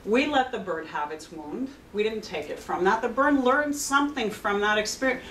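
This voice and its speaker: A woman counselor speaks to an audience at a mid-range pitch, telling a lively story and playing out both sides of the conversation. Her voice is caught from across an echoing room. A faint hum of the room sits behind her. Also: normal speed. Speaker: clinical director and counselor. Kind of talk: anecdotal talk to an audience. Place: open house event, indoor room. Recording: roomy sound picked up from a distance.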